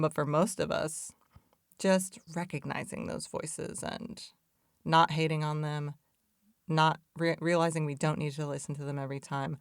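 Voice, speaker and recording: A woman's voice: deep voice, vocal fry, dry recording, studio quality. A woman hosting a podcast in a loose, chatty way, full of "like" and "y'all". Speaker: podcast host. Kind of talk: casual reflective talk on addiction recovery.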